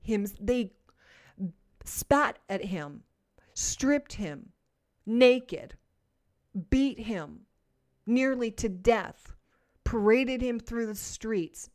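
Preaching a sermon, a woman with a fairly high voice speaks earnestly and emphatically. She shifts between soft, slow passages and louder, more forceful ones.

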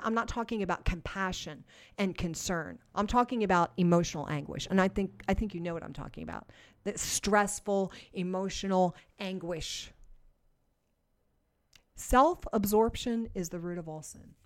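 A woman preaching a sermon, earnest and emphatic, moving between soft, slow passages and louder, forceful ones. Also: medium pitch.

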